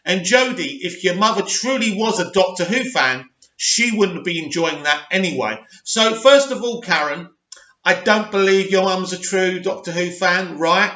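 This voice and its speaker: A man's voice: high voice, lively intonation, moderate pace, sharp tone. A man hosting his own channel, reading and mocking an article in a sarcastic, scornful rant. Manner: sarcastic, scornful, laughs often. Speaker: channel host. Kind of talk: ranting reaction commentary. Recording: echoey room, dull lo-fi sound.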